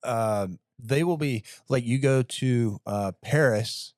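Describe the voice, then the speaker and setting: A man's voice: medium pitch, takes it slowly, no room sound, clean studio sound. A man who flies as an airline pilot, chatting casually and acting out radio calls. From United States. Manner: relaxed storytelling, acts out radio calls. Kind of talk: casual chat.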